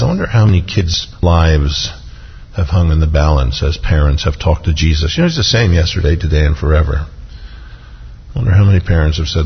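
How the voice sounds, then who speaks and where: A man preaching a sermon in an earnest manner, his voice rising on key points and slowing on quoted scripture. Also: breathy edge. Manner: earnest, rises in pitch when stressing points, slows on quoted scripture. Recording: dull sound with long hall reverb.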